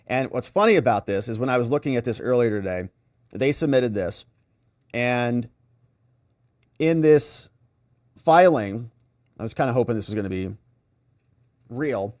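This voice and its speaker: A man hosting legal commentary, talking casually with a sarcastic, animated manner. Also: medium pitch, measured pace, dry recording, studio quality. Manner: animated, sarcastic, mimics reactions.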